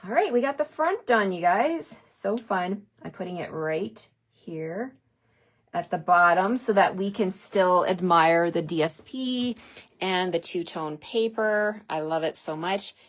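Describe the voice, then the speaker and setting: Woman, fairly low voice, cheerful crafting tutorial, chatty demonstrator. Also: expressive, measured pace. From Canada. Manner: chatty and enthusiastic, addressing viewers as you guys. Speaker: card-making demonstrator.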